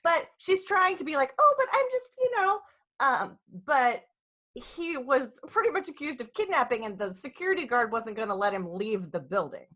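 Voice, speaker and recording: A woman hosting a casual podcast conversation, telling stories in a lively, blunt way with some swearing. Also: fairly high pitch, normal speed.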